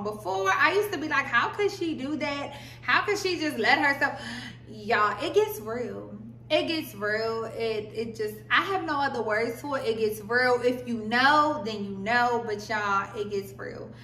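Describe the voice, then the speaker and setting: Bright, chatty young woman vlogger. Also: fairly high pitch. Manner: chatty, addresses viewers as y'all. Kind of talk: casual advice vlog. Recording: echoey room, voice a bit far from mic.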